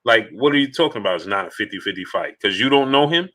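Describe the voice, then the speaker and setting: Bright-voiced man hosting a live sports stream. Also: lowish voice, lively intonation, fast. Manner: emphatic, repeats points, greets chat by name. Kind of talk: casual live-stream chat.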